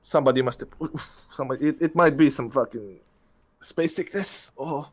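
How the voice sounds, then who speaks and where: A man's voice: mid-range voice, normal speed. A man playing a ship's captain in a tabletop game, speaking in a hesitant, stammering way. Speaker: player. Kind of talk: in-character tabletop role-play.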